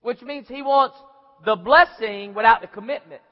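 High-pitched guy preaching, folksy, acts out little scenes, echoey hall, kinda muffled. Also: moderate pace. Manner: folksy storytelling, acts out voices. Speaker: pastor. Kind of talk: sermon. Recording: echoey hall, dull lo-fi sound.

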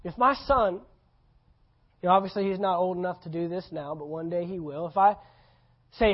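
A man's voice: high voice, normal speed, pauses often. A male pastor preaching a sermon at a church service, conversational and emphatic, repeating key phrases. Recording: slightly dull lo-fi recording.

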